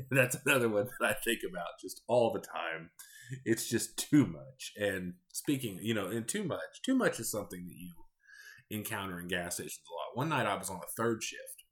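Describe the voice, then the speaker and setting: A man with a fairly low voice tells offhand stories in a loose, rambling way. His pitch rises and falls a lot as he goes. He sounds deadpan and candid, a podcast host in his thirties. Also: a little fast. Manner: candid, rambling, deadpan about odd customers. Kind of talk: casual storytelling monologue.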